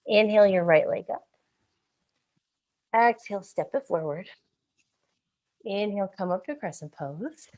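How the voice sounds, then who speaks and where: Slow-paced woman cueing a yoga flow. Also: medium pitch, muffled recording. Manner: calm breath-paced cueing, occasional self-corrections. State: slightly out of breath. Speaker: yoga instructor. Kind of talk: live-streamed yoga class cues. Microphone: video call.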